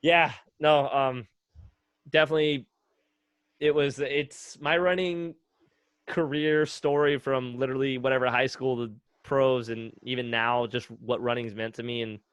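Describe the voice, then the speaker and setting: A man's voice: mid-range voice, a little slow, clear, resonant tone, dry recording. Laid-back young man telling a story. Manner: relaxed storytelling with many fillers, acts out quotes. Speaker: guest, retired runner. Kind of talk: casual podcast chat.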